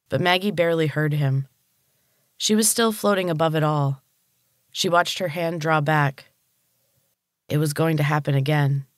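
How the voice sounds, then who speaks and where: A storyteller reads a dark novel chapter at a slow, steady pace. The voice sits in the middle range. It is recorded close to the microphone in a dry, dead room. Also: mid-range voice, no room sound. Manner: steady, unhurried reading. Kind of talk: audiobook narration.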